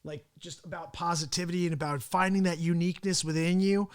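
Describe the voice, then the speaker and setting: A man's voice: on the high side, steady tone, quick pace, smooth. A man hosting his daily live talk show, chatting in a rambling, casual way and chuckling often. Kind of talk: casual live-stream chat.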